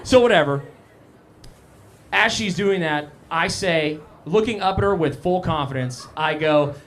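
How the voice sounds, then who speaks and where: A man's voice: fairly high pitch, normal speed, fairly bright tone. A young man performing a live stand-up set, chatting casually with the crowd in a self-deprecating way. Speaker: stand-up comedian. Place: live comedy cafe stage.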